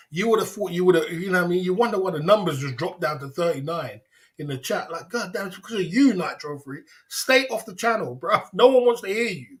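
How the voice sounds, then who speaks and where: Tipsy and laughing, a man on his livestream goes on a rambling rant, repeating himself and swearing in a casual way. His voice sits high and is expressive, and he speaks fairly fast.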